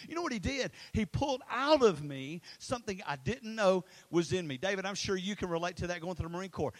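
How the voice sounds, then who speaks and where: A man preaching an energetic sermon, telling stories and chatting with the crowd, swinging from loud and animated to hushed and intimate. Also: sits high, fairly quick, few pauses, no room sound, low-quality recording. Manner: storytelling, conversational asides to the crowd. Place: school facility used for a church launch.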